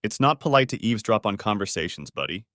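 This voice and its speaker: Man reading as a gruff big sixty-something bloke, teasing, close dry recording. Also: lowish voice, big pitch swings, fast talker, a bit bright, no room sound. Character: big older Australian man, gruff but friendly. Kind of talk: story reading.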